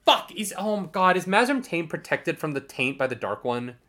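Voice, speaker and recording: A woman's voice: on the low side, sing-song, moderate pace, a bit bright. A woman co-hosting a casual book club podcast, chatty and swearing freely, with lots of fillers. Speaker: podcast co-host.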